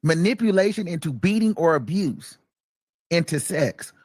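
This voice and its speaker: A man's voice: on the high side, lively intonation, moderate pace, darkish tone, no room sound. A man hosting reaction commentary, emphatic and repeating his points for stress. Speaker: commentary host.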